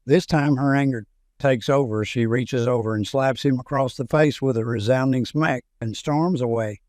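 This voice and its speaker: A man narrating a string of scripted jokes in a steady storytelling delivery. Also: mid-range voice, normal speed, no room sound, studio quality. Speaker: joke narrator.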